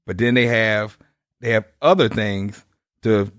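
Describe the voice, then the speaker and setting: A man's voice: lowish voice, unhurried, fairly bright tone, clean tone, no room sound, clean studio sound. A man co-hosting a casual podcast who rambles, repeats himself and laughs a lot. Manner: rambling, stammering, laughs often. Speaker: podcast co-host.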